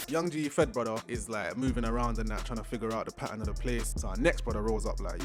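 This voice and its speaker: Young man, animated slangy recap, music playing underneath. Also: fast talker, few pauses. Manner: animated, acts out characters with big pitch jumps. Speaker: recap host.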